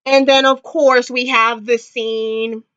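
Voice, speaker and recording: A woman vlogger recaps a TV episode at home in casual, gushing chat packed with fillers, sometimes close to tears. Her voice is fairly high, bright and resonant, yet slow and flat in delivery. The recording is clear, dry and slightly dull, with no echo.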